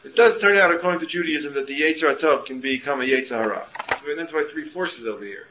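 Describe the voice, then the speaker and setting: A man's voice: a little high, quick pace, background noise. A man teaching a class on Jewish thought, lecturing with rhetorical questions and frequent restarts. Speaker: Torah teacher. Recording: muffled roomy classroom recording with faint ambience.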